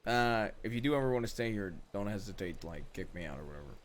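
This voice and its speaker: A man's voice: fairly low pitch, animated, fast talker. A man chatting casually in a roleplay game, laid-back and self-deprecating. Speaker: streamer, roleplay player. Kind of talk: casual in-character roleplay chat.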